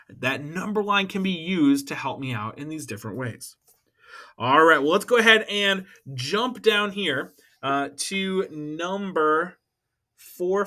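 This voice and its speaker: With a slightly high, sharp voice, a man teaches a math lesson in an upbeat, chatty way. He works through problems while checking in with his students, asking "all right?"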